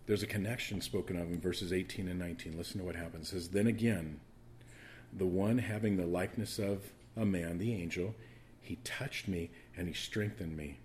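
Male pastor, lower register, conversational sermon with big swings in volume and stammered restarts. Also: moderate pace, a little hiss or hum. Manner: swings from quiet, low asides to loud emphatic preaching.

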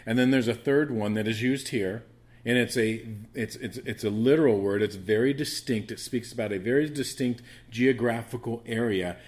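A man's voice: medium pitch, moderate pace, darkish tone. A man with a soothing voice teaching a Bible study, rambling with frequent restarts and fillers.

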